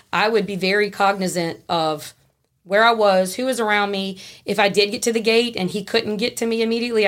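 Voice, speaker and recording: A woman, a podcast guest telling a story in a frank, animated way and laughing easily. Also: medium pitch. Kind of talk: casual storytelling.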